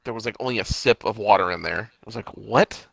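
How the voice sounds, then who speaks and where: A man's voice: lowish voice, quick pace, creaky, fairly bright tone, dry recording. A man co-hosting a casual chat about a TV show, laid-back, with short replies and asides. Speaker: podcast co-host.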